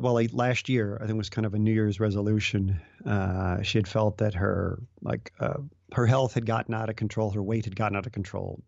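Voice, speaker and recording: Gravelly-voiced man talking in halting bursts. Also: fairly low pitch, darkish tone, no echo. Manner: halting, full of restarts and fillers. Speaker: guest. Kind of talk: casual conversation. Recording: dull lo-fi dry sound.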